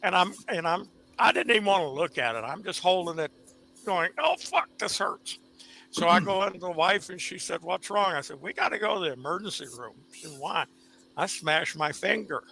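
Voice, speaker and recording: Gravelly bright man telling a story. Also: sits high, brisk, a little hiss or hum. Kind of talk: casual live-stream chat.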